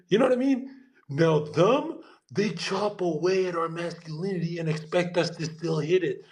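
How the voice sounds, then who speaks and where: A man's voice: on the high side, moderate pace. Crude ranting young man, echoey room. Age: 20s. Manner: crude ranting, acts out voices. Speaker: streamer. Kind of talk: casual chat.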